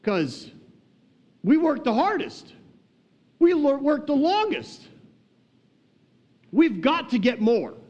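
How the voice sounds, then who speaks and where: A man's voice: high-pitched, sing-song, normal speed, pauses often, darkish tone, slightly rough, big-room sound, dull audio, pitched above the performer's own voice, full character voice. A man voicing an entitled hired hand who has worked all day and expects a bonus, speaking in an eager, self-righteous way. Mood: expectant.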